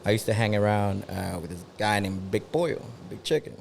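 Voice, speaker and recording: Laid-back low-voiced man in his thirties. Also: creaky, slight background noise. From Oklahoma City. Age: 30s. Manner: laid-back, slangy, halting with restarts. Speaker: DJ and podcast guest. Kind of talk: casual podcast chat. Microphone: podcast studio mic.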